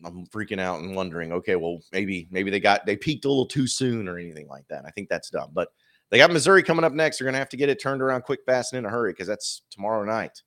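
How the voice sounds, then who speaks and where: A man's voice: fairly low pitch, expressive, fast talker, a bit bright. Chatty man hosting a sports podcast. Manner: chatty, opinionated, wry asides. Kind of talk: casual solo sports commentary.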